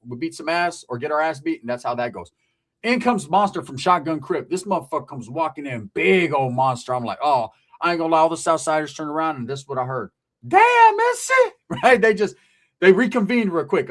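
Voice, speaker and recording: Man, from california, profane storyteller, animated, slightly high voice. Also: fast talker. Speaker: guest recounting his past. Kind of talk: casual storytelling.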